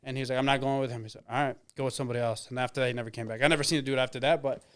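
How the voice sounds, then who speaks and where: Fast-talking young man telling stories. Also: medium pitch, steady tone, a bit bright, clear, resonant tone. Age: 20s. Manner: rambling, lots of fillers and quoted dialogue. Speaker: interview guest, MMA fighter. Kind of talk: casual storytelling.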